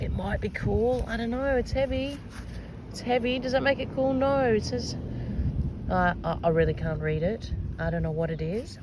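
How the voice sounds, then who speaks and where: A woman giving chatty, excitable commentary to viewers while metal detecting outdoors in a park. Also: medium pitch, rough recording. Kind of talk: casual commentary to camera. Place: outdoors in a park under trees. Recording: outdoor recording with clear wind and ambient noise.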